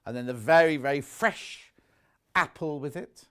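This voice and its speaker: A man's voice: medium pitch, moderate pace, fairly bright tone, smooth. A man presenting fabrics on a live shopping channel, chatty and gushing, stopping often to correct himself. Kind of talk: live TV sales pitch.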